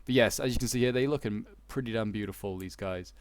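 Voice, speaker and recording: A man's voice: lowish voice, quick pace, no room sound. A young man with a Yorkshire accent giving casual, rambling gameplay commentary, full of fillers and restarts. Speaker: gaming YouTuber.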